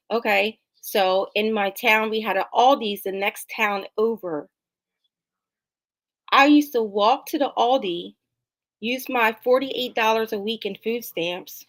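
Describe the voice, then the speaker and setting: A middle-aged woman from New Jersey, a talk show guest, telling her personal story in an animated, emphatic way. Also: mid-range voice, low-quality recording. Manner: animated, emphatic, acts out dialogue. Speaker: interview guest.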